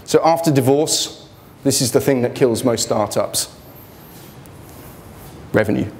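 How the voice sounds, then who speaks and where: A man's voice: medium pitch, a little slow, a little mellow. A man giving an informal motivational talk about his business failures, blunt and joking, speaking in a students' union hall.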